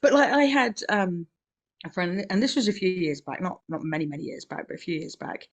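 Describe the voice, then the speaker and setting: A New woman talks in a loose, chatty way on a podcast, filling her story with "um"s and "you know"s. She rambles but keeps a warm, storytelling flow, with quick laughs between remarks. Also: fairly low pitch, lively intonation. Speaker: podcast co-host. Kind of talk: casual conversation.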